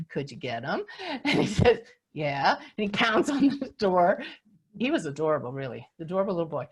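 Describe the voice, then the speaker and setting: An older woman tells a story to her online audience and acts out the scenes as she goes. She speaks as a spiritual teacher and host. Her voice comes through a video call. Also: mid-range voice. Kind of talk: storytelling talk on a webinar.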